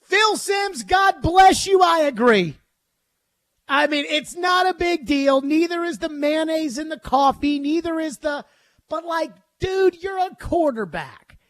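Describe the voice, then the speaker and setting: A man's voice: extremely high pitch, expressive, a little slow, fairly bright tone, no echo. Male sports talk host, jokey rant, dry close studio sound. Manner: emphatic, ranting, jokey.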